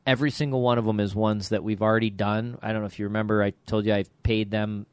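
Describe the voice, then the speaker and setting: A middle-aged man co-hosting a podcast, chatting casually and telling stories with animated quotes. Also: lowish voice, fast, smooth, no room sound, clean studio sound. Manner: lively storyteller, animated quotes. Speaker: podcast co-host.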